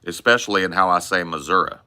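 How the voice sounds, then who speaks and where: A man's voice: sits low, fast, bright, forceful tone, clear, resonant tone. A man with a Californian accent hosting a podcast, chatting loosely with casual swearing and lots of "bro" and "man". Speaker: podcast host.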